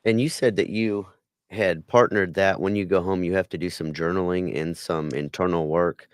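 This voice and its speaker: A man's voice: deep voice, fairly even intonation, moderate pace, no echo, studio quality. A man hosting a podcast, asking his guest conversational follow-up questions and relating them to his own experience. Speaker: podcast host. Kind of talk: interview questions.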